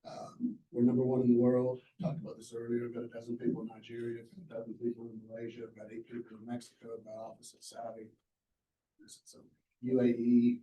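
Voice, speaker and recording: A man's voice: medium pitch, completely flat delivery, brisk, highs cut off. A middle-aged man giving a masterclass talk, telling his story in a folksy way and acting out the lines people said to him. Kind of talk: storytelling lecture to a live audience. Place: lecture hall. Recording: echoey hall, mic at a distance.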